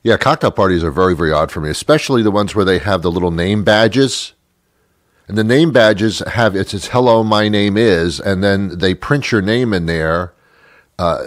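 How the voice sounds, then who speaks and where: A man's voice: sits low, no room sound, studio quality. A middle-aged male show host delivering a rambling, sardonic comedic rant, chuckling at his own jokes.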